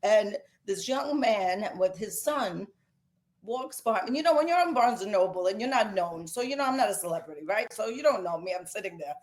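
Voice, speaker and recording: A woman's voice: medium pitch, a little fast. Emphatic woman with a Brooklyn accent. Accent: Brooklyn New York. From Brooklyn, New York. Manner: emphatic, animated storyteller. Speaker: guest author. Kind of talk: casual interview chat.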